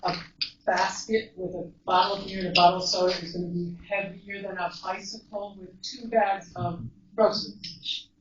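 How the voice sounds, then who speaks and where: A woman, a mental health counselor, giving an earnest, measured storytelling talk to a live audience. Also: mid-range voice, little pitch movement, slight background noise. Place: large echoey event room. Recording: echoey, distant, dull live recording.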